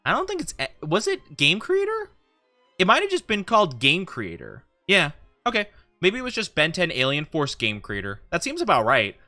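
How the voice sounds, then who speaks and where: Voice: medium pitch, huge pitch swings, moderate pace, pushed and bright, faint music behind. A VTuber streamer in rambling casual chat with viewers during a game stream.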